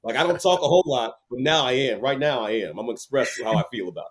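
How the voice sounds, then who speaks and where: A man's voice: medium pitch, animated, fast talker. A man as a podcast guest, speaking reflectively and laughing easily. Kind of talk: casual podcast conversation.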